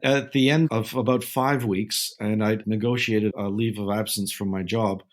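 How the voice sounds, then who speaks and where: Low-voiced older man telling stories. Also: steady tone. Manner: unhurried anecdotes, acting out quoted people in his telling. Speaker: guest, naval film consultant. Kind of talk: relaxed interview storytelling.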